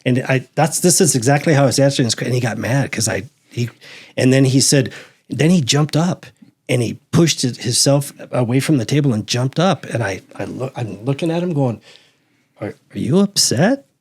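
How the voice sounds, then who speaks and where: A middle-aged man with a husky, slightly breathy voice, recounting old workplace stories in a relaxed interview. He talks at an average pitch for a man. He slips animatedly into the voices of the people he quotes. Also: brisk. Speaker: retired sheriff's detective, guest. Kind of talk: casual storytelling.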